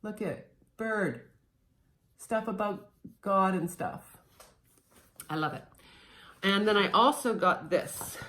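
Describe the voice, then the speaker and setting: A woman's voice: mid-range voice, expressive, takes it slowly, long pauses, a bit bright. Chatty woman vlogger in an echoey room. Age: 30s. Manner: scattered, playful, chatty with fillers. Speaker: cross-stitch vlogger. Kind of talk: casual chat showing a stitching haul.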